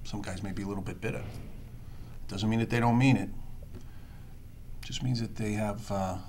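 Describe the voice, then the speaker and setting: An actor playing a world-weary police detective who tells rambling, sardonic street stories. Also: male voice, fairly low pitch, steady tone, normal speed, darkish tone, slight background noise, natural voice. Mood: storytelling. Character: wisecracking world-weary male NYC cop. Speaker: police detective under evaluation. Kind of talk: film dialogue, storytelling monologue.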